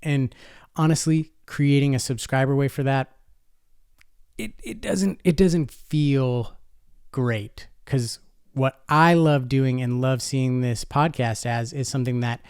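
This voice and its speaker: Smooth-voiced man hosting a podcast. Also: medium pitch, steady tone, a little slow, a little mellow, dry recording, studio quality. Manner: rambling, conversational, addresses listeners as folks. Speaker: podcast host. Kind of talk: casual solo podcast talk.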